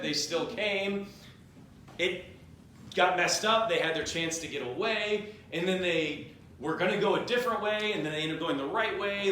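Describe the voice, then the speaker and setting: In a high, sharp-toned voice, a man rambles through a history story at a party, joking around and acting out the voices of its characters in a comedic drunk-history retelling. The space is very echoey, with faint noise present.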